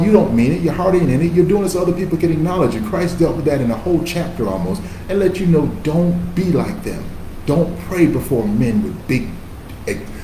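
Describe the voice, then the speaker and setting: A man's voice: a little high, warm tone, echoey room, a little hiss or hum, low-quality recording. A male pastor preaching a sermon in an emphatic, conversational style, calling on listeners to repeat after him.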